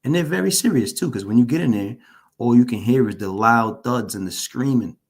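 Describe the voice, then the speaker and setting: A man's voice: medium pitch, brisk, a little mellow. A formerly incarcerated man speaking as an interview guest, giving earnest personal testimony, openly shaken and repeating phrases for emphasis. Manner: openly shaken while recounting.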